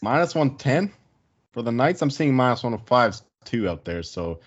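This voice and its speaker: A man's voice: mid-range voice, very animated, moderate pace, slightly rough, lo-fi sound. A man giving casual, profane hockey betting picks in a joking, rambling way. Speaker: sports betting panelist. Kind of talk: casual sports betting chat.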